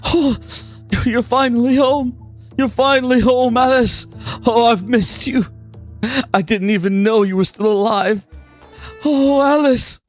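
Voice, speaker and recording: A man's voice: very high voice, a little slow, pauses often, faint music behind, pitched above the performer's own voice. A man voicing a weeping, remorseful father who stammers through his apologies while crying, in a tabletop game. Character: weeping remorseful middle-aged father, a lord.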